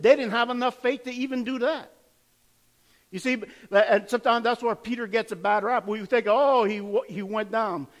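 A man preaching a sermon, retelling scripture dramatically and swinging between loud emphasis and quiet intensity. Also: sits high. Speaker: pastor.

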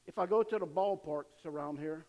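Casting: older male pastor, high-pitched, animated sermon, church hall echo. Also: moderate pace, muffled recording. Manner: animated preaching, acts out cheering fans.

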